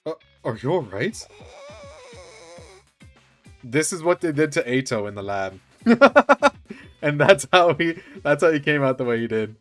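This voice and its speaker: A streamer reads out a visual novel in a man's voice, pitch swinging all over the place as he jumps between characters and his own reactions. Faint game music sits underneath him. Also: measured pace, pauses often. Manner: reads every character aloud, with animated asides and laughter. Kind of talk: reading a visual novel aloud while playing.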